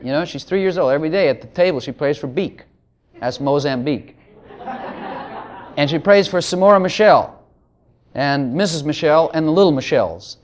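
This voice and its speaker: A man preaching a sermon, joking between passages of scripture he reads aloud. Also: high voice. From Texas.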